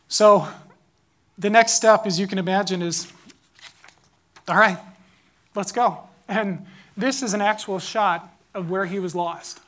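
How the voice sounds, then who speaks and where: A man in his thirties telling a personal story, growing loud and urgent as it builds. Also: high voice.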